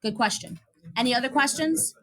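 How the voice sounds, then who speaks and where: A woman's voice: on the high side, brisk, a bit bright. A middle-aged woman teaching a math class, casual and chatty, mixing instructions with personal stories.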